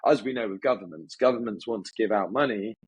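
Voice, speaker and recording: A man's voice: lowish voice, husky, no echo, low-quality recording. A man as an interview guest, upbeat and chatty, often restarting his sentences. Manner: upbeat, talks in quick bursts with many restarts. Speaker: guest, agency founder. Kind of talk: casual interview talk.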